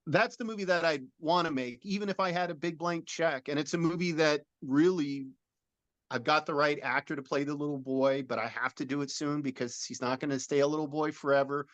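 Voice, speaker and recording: A man's voice: on the high side, fairly even intonation, fairly quick, fairly bright tone, dry recording, highs cut off. A middle-aged man, a film director, being interviewed and describing a film idea in an earnest, rambling storytelling way.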